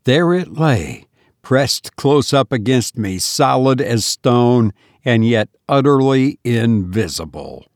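Slow, solemn male story narrator. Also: medium pitch, animated, dry recording, clean studio sound. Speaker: audiobook narrator. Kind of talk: first-person gothic story reading.

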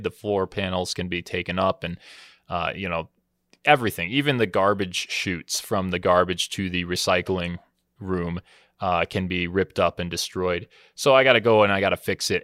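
A man's voice: sits low, dry recording, clean studio sound. A man in casual podcast chat about games, telling stories animatedly and acting out what people said. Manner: animated storyteller, acts out quoted lines. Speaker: podcast co-host.

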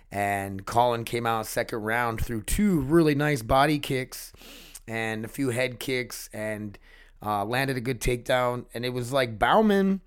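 A man talking straight to his viewers in a loose, rambling vlog, getting excited and cursing as he goes. His voice is smooth and resonant, sitting at an ordinary middle pitch. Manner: rambling, excitable, swears freely. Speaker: vlogger. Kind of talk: casual chat to camera.

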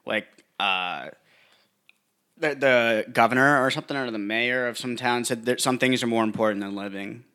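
A man with a bright, ringing voice talks in a loose, rambling way. He co-hosts a casual chat and slips into crude jokes and tangents. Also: medium pitch, moderate pace, smooth.

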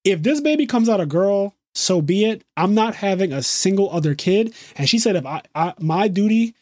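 A man co-hosting a casual chat about a TV show, animated and swearing freely as he quotes the dialogue. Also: high-pitched, moderate pace, no room sound, studio quality. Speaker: podcast co-host.

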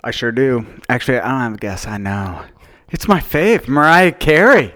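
A man's voice: mid-range voice, lively intonation, normal speed, no room sound, studio quality. A man co-hosting a podcast, bantering and joking in casual chat. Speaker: podcast co-host.

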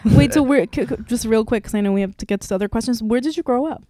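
A woman's voice: a little high, dark tone, no echo. Chatty woman podcast co-host, rambling. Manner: chatty, rambling, quick asides. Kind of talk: casual chat.

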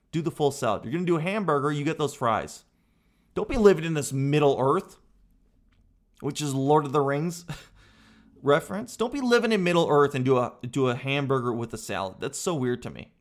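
Exasperated man ranting for laughs. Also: fairly high pitch. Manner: animated, exasperated, peppered with "dude"; swears casually. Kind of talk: comedic rant.

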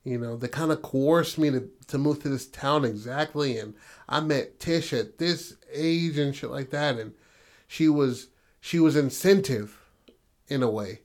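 A man voicing a tired middle-aged father, a police captain, in a halting, slangy retelling. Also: mid-range voice, lightly acted. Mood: resigned.

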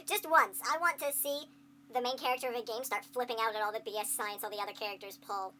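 High bright woman explaining things. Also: steady tone, fast talker, a little hiss or hum. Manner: explains things at length, laughs often. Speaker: podcast co-host. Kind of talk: casual chat. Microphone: podcast mic on a shared recording track.

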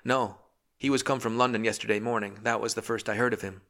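A man's voice: lowish voice, steady tone, fast talker, a bit bright, pitched above the performer's own voice. A man reading an audiobook, voicing a frightened young wife who pleads anxiously.

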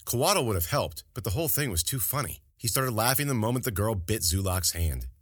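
A man narrating a fantasy story as an audiobook in an expressive, dramatic reading. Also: on the low side, fairly quick, dry recording, studio quality.

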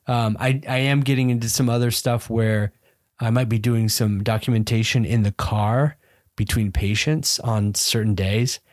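A man co-hosting a casual podcast with his wife, telling stories in a playful, animated way. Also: medium pitch, normal speed, no room sound, studio quality. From Central Florida. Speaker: podcast co-host. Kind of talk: casual chat.

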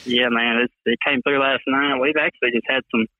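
A man's voice: mid-range voice, flat delivery, brisk, no room sound. A man in his twenties with a thick Alabama accent, a guest talking in an easygoing, drawling way, often adding "man" and "you know". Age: 20s. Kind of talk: casual phone interview. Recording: tinny dry phone line.

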